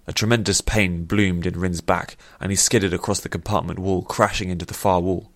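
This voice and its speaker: Brief: low male narrator, steady and measured, dry close sound, fantasy audiobook. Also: no echo.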